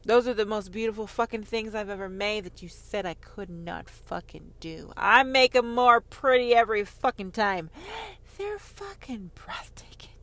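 A woman's voice: mid-range voice, lively intonation, moderate pace, fairly bright tone. A woman voicing God as a defiant, boastful male creator who talks in a brash, profane way.

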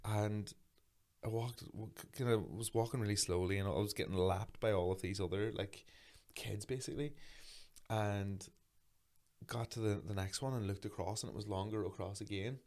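A man in his thirties, telling a sweary, animated anecdote in casual chat as a podcast co-host. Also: fairly low pitch, moderate pace.

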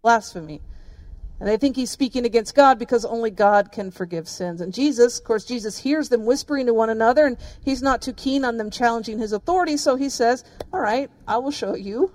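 A woman's voice: on the high side, fast, hardly any pauses, a little mellow. A woman pastor preaching a sermon, telling the story vividly and speaking directly to her listeners.

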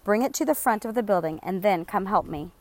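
A woman voicing a calm, resourceful father in a storybook reading, speaking firmly and plainly. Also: medium pitch, a little fast, lightly acted. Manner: firm and level, raising his voice to clear a path. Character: calm steady father, quick-witted and resourceful.

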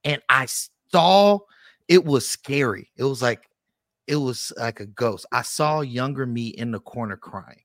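A man's voice: mid-range voice, lively intonation, measured pace, no room sound. Earnest man telling a personal story. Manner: earnest, rambling, repeats words when worked up. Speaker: interview guest. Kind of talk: candid conversational storytelling.

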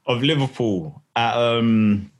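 A man's voice: medium pitch, lo-fi sound. A man hosting a casual football podcast, bantering with friends and repeating his points for effect. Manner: relaxed, bantering, drawn-out repeats. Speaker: podcast host.

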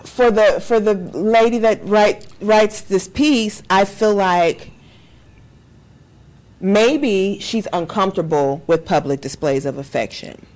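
A woman's voice: medium pitch, slow pace, a little mellow. A middle-aged woman co-hosting a podcast, giving candid, blunt relationship advice in casual chat and swearing freely. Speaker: podcast co-host.

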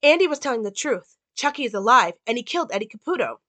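A woman voicing a desperate young mother who is urgent and high-strung as she pleads to be believed. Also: big pitch swings, fast talker, fairly bright tone, no echo. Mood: pleading.

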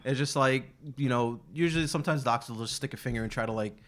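A man's voice: medium pitch, fast, fairly bright tone. A man rambling through improvised comedy banter as a guest playing an ER doctor, with lots of stammering restarts.

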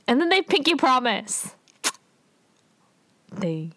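A woman's voice: high voice, very animated, takes it slowly, long pauses, a bit bright, dry recording. Chatty woman recapping a drama. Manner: chatty, filler-heavy, exasperated asides. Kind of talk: casual episode recap.

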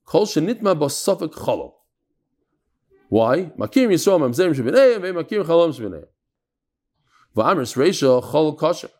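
Animated man teaching Talmud. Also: a little high, normal speed, pauses often. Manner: animated, acts out quotes, swings between loud and soft. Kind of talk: classroom Gemara lesson.

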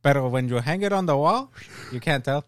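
Male co-host, slightly high voice with lots of bounce, ribbing banter. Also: animated, fairly quick, a bit bright, dry recording, studio quality. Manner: teasing, joking banter. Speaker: podcast co-host. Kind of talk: casual chat.

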